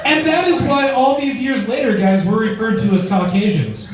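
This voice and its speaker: A man's voice: extremely high pitch, moderate pace. A male stand-up comedian telling crude stories conversationally and working the crowd from a comedy club stage. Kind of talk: stand-up set. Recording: echoey club from far off, crowd.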